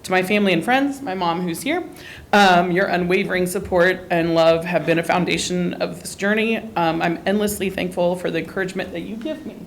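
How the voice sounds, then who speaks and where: A woman's voice: lowish voice, brisk, a little hiss or hum. A woman art teacher giving a heartfelt, grateful acceptance speech at a school board meeting, with frequent ums. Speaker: award-winning art teacher.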